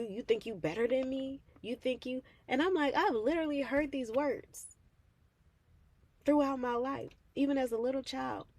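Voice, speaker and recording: A woman's voice: a little high, a little mellow, no echo. A woman host sharing a personal faith testimony in a conversational, heartfelt way, acting out the prayers she quotes. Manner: conversational and heartfelt, calls listeners "baby", acts out quoted prayers. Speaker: host of a faith reflection channel.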